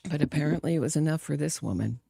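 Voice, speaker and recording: A sarcastic woman hosting a true crime stream, talking with open scorn. Her voice is gravelly and dark, and she sits close to the mic in a dry, dead room. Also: low-pitched, quick pace, no room sound. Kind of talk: live reaction commentary.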